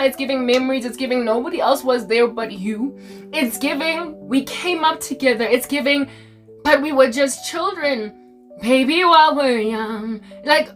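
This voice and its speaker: A South African woman in her forties telling a school story in a casual, animated, slangy way, laughing often. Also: high voice, distant mic. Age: 40s. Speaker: Christian content creator.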